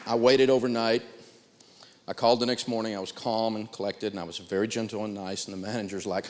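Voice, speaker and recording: A man's voice: fairly low pitch, brisk, in a large hall, noisy background. A man teaching personal finance to a live class, telling a story animatedly and acting out the dialogue. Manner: animated, acts out dialogue, chuckles.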